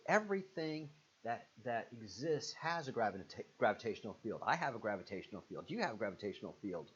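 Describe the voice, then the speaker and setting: A man with a Southern accent hosting a live stream, reading out viewer comments and answering them casually with lots of fillers. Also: slightly rough. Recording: muffled low-fidelity stream audio.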